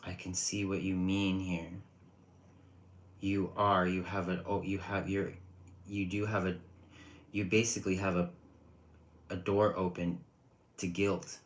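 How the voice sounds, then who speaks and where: A man's voice: deep voice, little pitch movement, unhurried, pauses often, poor audio. A man giving casual tarot readings on a livestream, chatty and rambling, often restarting his sentences. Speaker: tarot reader.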